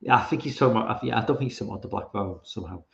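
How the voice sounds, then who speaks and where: A man's voice: on the low side, rapid-fire, creaky, a bit bright, a little hiss or hum. A man who is not American, hosting a casual livestream, rambling and swearing with frequent restarts as he reads chat. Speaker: podcast host reading chat. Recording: roomy, slightly dull sound.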